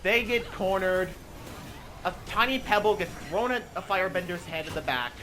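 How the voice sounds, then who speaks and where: A young man in casual voice chat while gaming, animatedly mocking a movie with swearing and quick retellings. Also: high-pitched, lively intonation, pushed and bright, slight background noise. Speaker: channel host.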